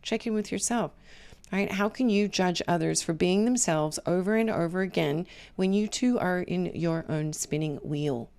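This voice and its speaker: A woman's voice: lowish voice, normal speed, darkish tone. A woman hosting a podcast, giving casual life advice, talking conversationally and checking in with "right?" at the end of her points. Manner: conversational, keeps asking "right?", sometimes drops to a whisper. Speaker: podcast host.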